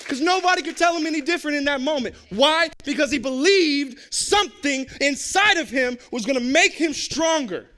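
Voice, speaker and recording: Bright-toned male pastor, casual and animated, pitch swinging wide. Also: moderate pace, hardly any pauses. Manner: animated, conversational, jokey. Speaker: pastor and basketball coach. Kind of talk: sermon.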